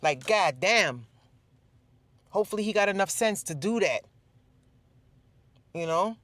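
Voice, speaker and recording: A woman's voice: mid-range voice, animated, unhurried, a bit bright, no echo. Profane, mocking woman vlogger. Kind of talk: casual vlog rant.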